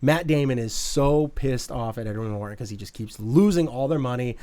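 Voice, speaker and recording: A man's voice: medium pitch, a little fast, dark tone. A man in his thirties co-hosting a casual movie podcast, laughing often and acting out lines from films. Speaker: podcast co-host.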